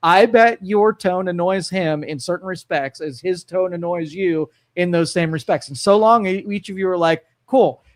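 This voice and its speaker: A man's voice: sits high, normal speed, hardly any pauses. Man hosting a talk show, giving advice. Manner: probing, advice-giving, restarts and stammers. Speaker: host. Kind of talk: casual radio talk. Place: studio.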